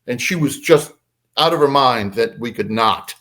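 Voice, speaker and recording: Older male guest, animated storyteller, swinging pitch, mid-range voice. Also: moderate pace. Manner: animated, acts out voices in his anecdotes. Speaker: podcast guest. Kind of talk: casual storytelling.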